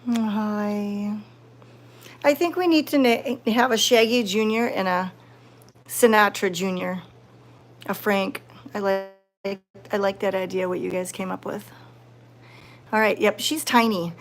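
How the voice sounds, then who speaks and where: A woman live-streaming from a cat sanctuary, chatting casually with viewers and cooing softly at the cats. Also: mid-range voice, slight background noise. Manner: soft-spoken, cooing baby talk to cats. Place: indoor cat room at a sanctuary.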